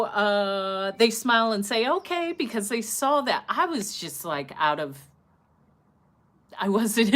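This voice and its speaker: Woman livestreamer, mid-pitched, animated casual storyteller who acts out the people in her story. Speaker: livestream host.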